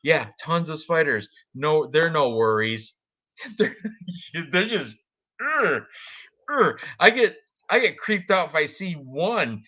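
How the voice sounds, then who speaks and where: Bright-voiced excitable man on a lo-fi stream. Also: measured pace. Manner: excitable, voice jumps high when shocked. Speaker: co-host of a betting stream. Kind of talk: casual chat. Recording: dull lo-fi stream audio.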